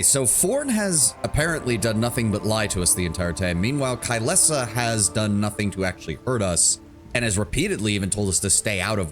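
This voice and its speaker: A man streaming a fantasy game, casually and wryly chatting with viewers between story readings. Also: fairly low pitch. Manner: casual, wry, talks to chat.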